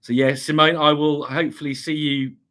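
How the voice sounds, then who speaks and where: An Englishman with a fairly high, bright voice hosts a casual livestream at a slightly quick clip, his delivery flat. He reads chat messages aloud and answers them with lots of ums and restarts. A slight cough lingers as he recovers from an illness.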